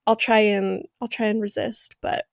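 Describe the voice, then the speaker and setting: A woman's voice: medium pitch, flat delivery, normal speed, creaky, no room sound, studio quality. A young woman co-hosting a casual podcast, telling stories in a chatty way with lots of fillers. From Arizona, US. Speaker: podcast co-host. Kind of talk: casual chat.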